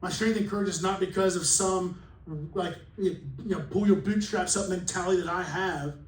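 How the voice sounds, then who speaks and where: A man's voice: high-pitched, normal speed. A man pastor giving a sermon in a casual, joking, conversational way, acting out quotes. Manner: conversational, jokey preaching with acted-out quotes. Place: church hall. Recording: echoey hall from far off, faint room noise.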